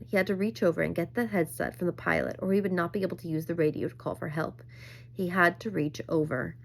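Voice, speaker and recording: A woman reads a novel aloud in a lowish voice. Her delivery is measured and even, with an occasional small slip. It sounds like a plain home reading. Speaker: reader.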